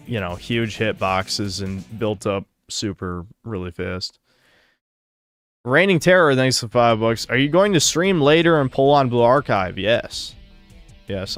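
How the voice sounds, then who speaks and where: A man hosting a podcast in casual chat, with a monotone voice and a crude, offhand way of talking that trails off. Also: fairly low pitch, smooth. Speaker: podcast host and streamer. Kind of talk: casual chat, reading viewer donations.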